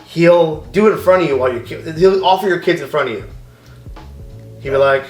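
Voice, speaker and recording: A man's voice: a little high, brisk, reverberant, faint music behind. A man, co-owner of a record shop, telling stories in casual chat and acting out the dialogue, swearing freely.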